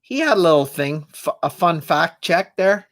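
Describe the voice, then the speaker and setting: A man's voice: a little high, lively intonation, normal speed, a bit bright. A man hosting a live stream as a singer-songwriter, chatting casually and jokingly between songs and reading viewer comments aloud.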